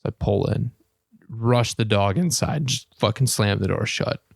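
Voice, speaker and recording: A man co-hosting a casual podcast, telling a story with lots of laughter and high-pitched impressions of the people in it. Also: unhurried, creaky, no echo, studio quality. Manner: animated storyteller, mimics people in high voices, laughs often. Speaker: podcast co-host.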